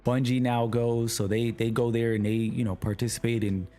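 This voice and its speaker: A man with a New York accent chatting casually to his livestream chat while gaming, relaxed and slangy. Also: mid-range voice, moderate pace, soft background music. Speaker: streamer.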